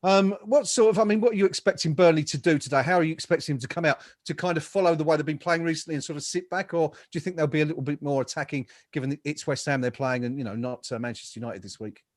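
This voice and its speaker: A man's voice: fairly high pitch, rapid-fire, hardly any pauses, a little mellow, no echo, clean studio sound. A man hosting a casual football chat over a remote call, rambling with fillers and jokes. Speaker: podcast host. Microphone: home mic, remote call.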